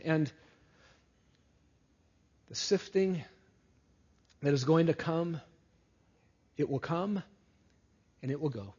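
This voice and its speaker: A husky man preaches slowly and deliberately, letting his voice sink low and quiet at the end of each thought. His voice sits a little higher than most men's. The recording sounds dull and lo-fi. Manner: deliberate preaching, dropping low and soft at phrase ends. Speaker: pastor. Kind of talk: sermon.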